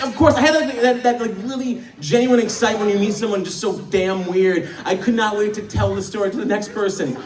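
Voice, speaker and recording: A young man from the American Midwest telling stories in a stand-up comedy set, animated and sometimes shouting, in a small club. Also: high voice. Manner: animated storytelling, bursts into shouts. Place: small club, live audience. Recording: echoey room, distant mic, audience noise.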